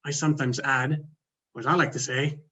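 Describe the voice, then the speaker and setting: A man's voice: mid-range voice, steady tone, moderate pace, sharp tone, breathy edge. A man from Sweden with a Swedish accent giving a humorous contest speech over a video call, dry and self-mocking. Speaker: contest speaker.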